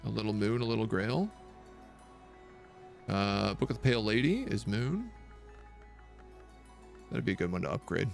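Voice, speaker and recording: Gravelly man streaming, thinking aloud. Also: on the low side, animated, moderate pace, pauses often, faint music behind. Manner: thinking aloud, muttering over choices. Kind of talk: live gameplay commentary.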